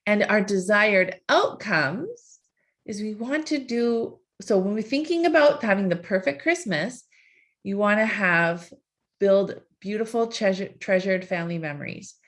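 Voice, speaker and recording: Female life coach, mid-pitch, conversational and coaxing, live online class. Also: expressive, unhurried. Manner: repetitive, questioning, coaxing.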